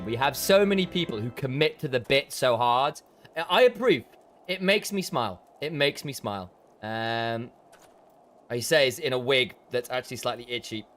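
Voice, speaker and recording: A man's voice: mid-range voice, fairly bright tone. A man streaming a game, chatting loosely and joking. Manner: jokey, rambling, laughs often. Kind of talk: casual gameplay stream chat.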